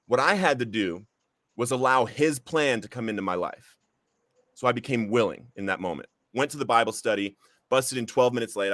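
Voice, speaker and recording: A man hosts a recovery podcast and tells his own story. His telling is earnest and heartfelt, at a middling pitch. The sound is dry and close. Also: fairly bright tone, no room sound. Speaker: podcast host. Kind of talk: personal recovery testimony.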